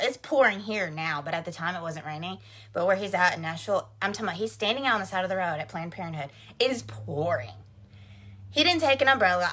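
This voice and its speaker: With a lowish, sharp-toned voice, a woman talks to the camera from inside her home in a casual mom vlog. Her chat is full of laughter and peppered with "like".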